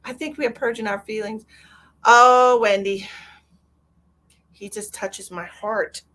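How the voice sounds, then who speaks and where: Slow and a little high, with fairly even intonation and a pushed, bright tone, a middle-aged woman hosts her psychic medium livestream. The chat is casual, candid, and emotional, with free swearing and viewer comments read aloud.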